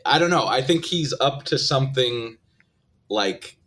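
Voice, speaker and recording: A man's voice: medium pitch, expressive, measured pace, fairly bright tone. A man talking casually about a film as a podcast guest, hedging and thinking aloud. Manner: hedging, thoughtful, many fillers.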